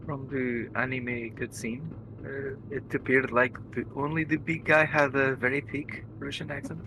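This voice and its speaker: A man chatting off to the side during a game stream, asking quiet, hesitant questions. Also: medium pitch, flat delivery, normal speed. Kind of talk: casual chat. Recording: off-mic with noticeable noise.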